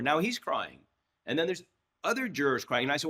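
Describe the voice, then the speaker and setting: A man in his sixties, a trial lawyer, telling a story as a podcast guest, with frequent restarts and lively acted-out dialogue. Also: on the high side, a little fast. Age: 60s. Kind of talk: anecdotal storytelling in a podcast interview.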